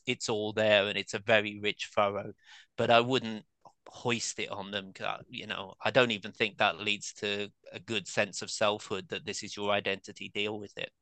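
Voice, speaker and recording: A man's voice: fairly low pitch, sharp tone, smooth, no room sound. A man in his fifties from England, a guest author and academic, talking casually and self-deprecatingly, full of asides and fillers. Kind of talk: casual conversational interview.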